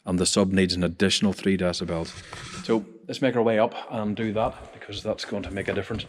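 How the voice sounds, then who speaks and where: In this casual narrated vlog, an AV installer works methodically through tuning a sound system, describing each step as he goes. His lowish voice is steady and brisk, with long hall reverb and a slight hiss or hum on the recording.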